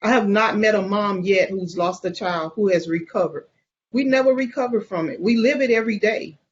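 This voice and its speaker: Grieving mother, interview testimony: earnest, repetitive, stumbling restarts, mid-pitched, slightly muffled recording. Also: moderate pace, slight background noise.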